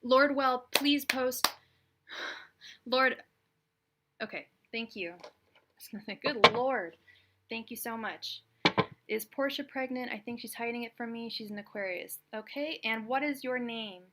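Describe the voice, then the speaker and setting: A young woman hosting a live tarot stream, hurried and distracted as she talks to viewers, murmuring low incantations over the cards from a small room at home. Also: very noisy. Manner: hurried and distracted, pausing to talk to her dog.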